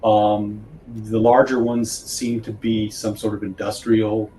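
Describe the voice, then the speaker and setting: A man narrating as game master of a tabletop horror game, halting with many fillers. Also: fairly low pitch, little pitch movement, warm tone, slight background noise, rough recording.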